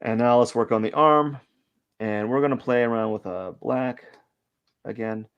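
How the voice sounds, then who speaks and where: A man talks his way through a live drawing session in easygoing stream commentary. He rambles and thinks aloud, dropping filler words as his thoughts wander. His voice sits at an ordinary middle pitch. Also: moderate pace, smooth, lo-fi sound.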